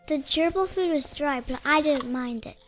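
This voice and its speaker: A woman voicing a hungry, curious young girl reading her diary aloud in a game, in a soft childlike voice. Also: high voice, moderate pace, natural voice. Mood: dreamy. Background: game music.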